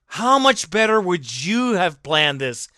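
Rich: A man with a high, sharp voice rants through a sports podcast, full of sarcasm and mockery aimed at an absent critic. The sound is close and dry, with no room around it, and his indignation spills into swearing. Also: big pitch swings, slow, no room sound. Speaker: podcast host. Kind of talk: ranting sports commentary.

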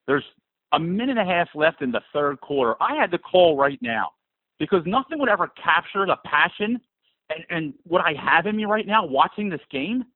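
A man's voice: high voice, lively intonation, moderate pace, slightly rough, no room sound. A man in his forties with a New Jersey accent, calling in to rant about his team, fired up and exasperated, and fighting a cold. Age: 40s. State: has a cold. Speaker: caller. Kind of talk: emotional sports call-in rant. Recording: tinny phone line.

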